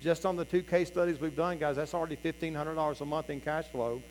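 A man's voice: on the high side, steady tone, fast talker. A man teaching a live seminar room, emphatic and constantly addressing the audience as "guys". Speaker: real estate seminar presenter. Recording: reverberant hall, faint mains hum.

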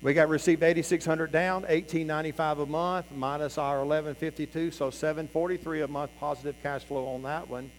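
Male presenter working a seminar crowd, emphatic, a bit high-voiced, hall reverb with a faint hum. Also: fairly even intonation, brisk, hardly any pauses. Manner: emphatic, keeps addressing the audience as "guys". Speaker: real estate seminar presenter. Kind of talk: live seminar teaching. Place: meeting room before a live audience.

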